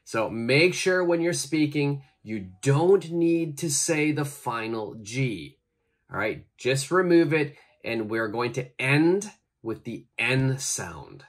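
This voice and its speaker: A man teaching English pronunciation, leading slow repeat-after-me drills with deliberate, exaggerated pronunciation and encouraging praise. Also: medium pitch, lively intonation.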